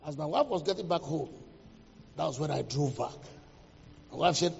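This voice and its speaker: A man, a pastor telling a dramatic testimony in a sermon, quoting scripture and swinging between loud and hushed delivery. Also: on the high side, expressive, normal speed, vocal fry, pauses often. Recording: distant voice in a reverberant hall, dull sound.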